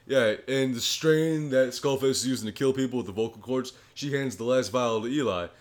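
A man co-hosting a podcast, with a low voice, recapping a story in a rambling, profane casual chat. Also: brisk. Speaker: podcast co-host.

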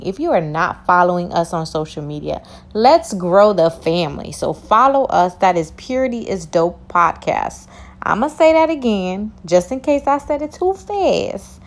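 Lively young woman podcast host. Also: a little high. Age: young adult. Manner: animated, playful, talks straight to listeners with slang. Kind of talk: casual confessional podcast chat.

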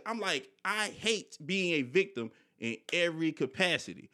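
A man's voice: high voice, expressive, normal speed, few pauses, bright, forceful tone. A young man hosting a podcast, telling personal stories candidly in casual slang with frequent swearing. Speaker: podcast host. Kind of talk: casual conversation.

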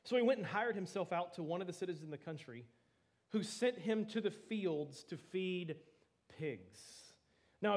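A young man preaches to his congregation with an earnest, emphatic delivery. His voice sits fairly high for a man, and he keeps dropping in "man" as he pushes his point home. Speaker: pastor. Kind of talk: sermon.

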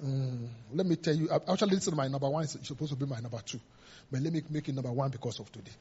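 A man's voice: mid-range voice, fast talker, warm tone. A man preaching a sermon as pastor, emphatic and repetitive, sometimes laughing and acting out voices. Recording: dull lo-fi sermon recording.

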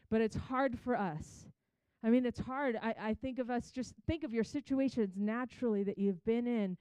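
A woman's voice: on the high side, normal speed, warm tone, smooth, no room sound. A woman giving a chatty, conversational Bible teaching, retelling scripture in her own words.

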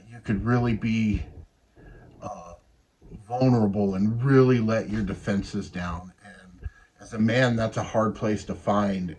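Slow, soft-spoken man sharing a testimony. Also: fairly low pitch, rough recording. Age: 40s. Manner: halting and tender, many pauses and fillers. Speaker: guest sharing a faith story. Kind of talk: personal testimony.

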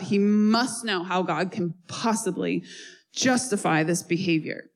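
Woman preacher, mid-pitched voice, chatty and animated delivery, sermon style. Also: slow pace, poor audio. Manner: conversational, animated preaching with asides and laughs.

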